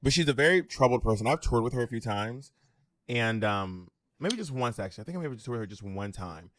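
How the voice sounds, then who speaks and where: A man co-hosting a casual chat show, telling gossipy stories in an animated way. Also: medium pitch, a little fast, dry recording. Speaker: podcast co-host.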